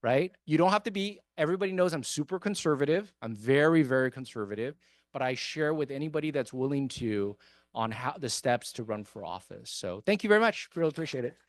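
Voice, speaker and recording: A man's voice: medium pitch, expressive, fairly quick, no room sound. A man who serves on a city council, giving an earnest, emphatic speech to a meeting, repeating his points for effect. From came to America as an immigrant. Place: meeting hall.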